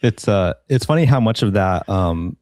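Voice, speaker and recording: A man's voice: lowish voice, lively intonation, darkish tone, no echo, clean studio sound. A man moderating a casual panel discussion, talking in a conversational way with plenty of fillers. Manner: rapid, filler-heavy, conversational.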